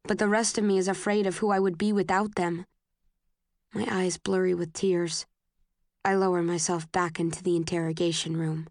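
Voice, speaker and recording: A woman reading a novel aloud in the first person, earnest and emotional, voicing the heroine's outbursts with sharp rises. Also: lowish voice, little pitch movement, moderate pace, no echo, clean studio sound. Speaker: audiobook narrator.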